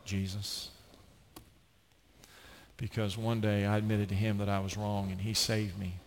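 Animated man preaching a sermon. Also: fairly low pitch, a little slow, slight background noise. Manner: storytelling preacher, animated, acts out quotes. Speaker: pastor.

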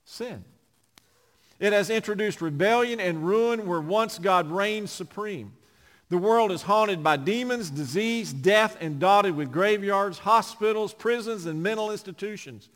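A male pastor delivers an impassioned sermon in a high-pitched voice. He leans into big, loud emphases and then sinks into quiet, low phrases. His words echo with a long reverb through a church sanctuary. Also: unhurried.

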